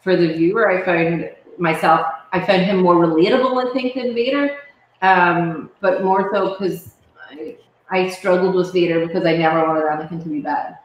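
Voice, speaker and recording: A woman in a casual chat, thoughtful and hesitant, pausing with ums. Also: fairly low pitch, lo-fi sound. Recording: very echoey room.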